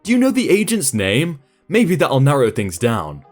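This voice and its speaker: A man's voice: medium pitch, huge pitch swings, normal speed, faint music behind. A man reading a first-person story aloud in a dry, sarcastic storytelling manner. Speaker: storytime narrator.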